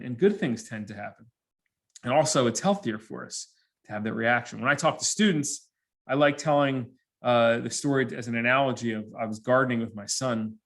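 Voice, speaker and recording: A man giving a humorous motivational presentation to students, telling lively stories and acting out the people in them. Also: medium pitch. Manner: animated storyteller who acts out characters. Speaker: motivational speaker.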